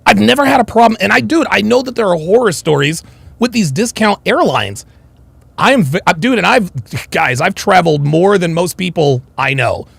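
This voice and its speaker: Livestream guy roasting a clip, high lively voice, gravelly, dry sound. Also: moderate pace, no echo. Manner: mocking, reads chat comments aloud. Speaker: livestream host. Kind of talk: casual livestream commentary.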